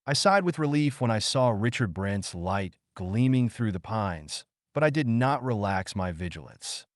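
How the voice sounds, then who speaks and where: A man narrating an audiobook in a measured, suspenseful storytelling manner. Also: lowish voice, very animated, no echo, clean studio sound.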